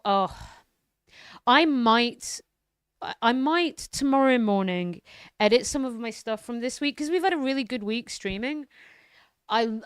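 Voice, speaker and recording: A woman's voice: a little high, smooth, no room sound, clean studio sound. A young woman streamer ranting animatedly about politics, swearing freely and talking to her chat by name. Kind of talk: casual political rant on stream.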